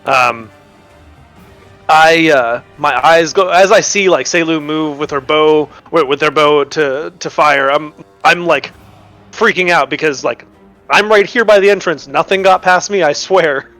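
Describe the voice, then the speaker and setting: A man's voice: on the high side, measured pace, sharp tone, faint music behind. Rambling man playing a tabletop game. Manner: rambling, restarts and laughs while narrating his character. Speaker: player.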